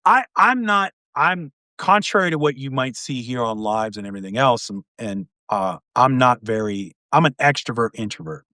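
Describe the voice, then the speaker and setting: A man's voice: medium pitch, animated, moderate pace, few pauses, sharp tone, no echo, studio quality. A middle-aged man talking earnestly on a live video call, rambling and often adding "you know". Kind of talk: casual conversation on a live stream.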